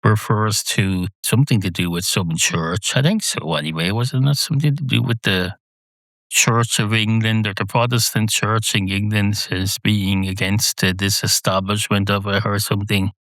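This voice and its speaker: Man voicing a prim barman, formal and reserved, lowish voice, dry sound. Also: normal speed, a bit bright, dry recording. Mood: puzzled. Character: prim, polite male barman.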